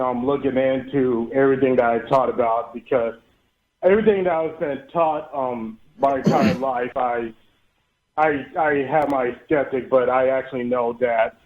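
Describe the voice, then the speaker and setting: A man in his thirties calling in to a show, speaking haltingly with many restarts and fillers. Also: mid-range voice. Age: 30s. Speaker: caller. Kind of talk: call-in chat. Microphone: phone. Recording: tinny phone line.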